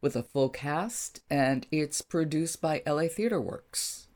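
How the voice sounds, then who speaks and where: A woman interviewer asking questions in a measured, attentive way. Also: sits low, expressive, darkish tone.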